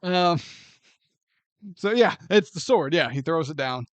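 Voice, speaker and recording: A man co-hosts a casual podcast, joking through a movie review and acting out the scenes as he goes. His voice sits fairly high for a man and jumps around a lot in pitch. The recording is dry and close, with no room sound. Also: measured pace, no room sound. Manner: animated and joking, often laughs and acts out scenes. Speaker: podcast co-host.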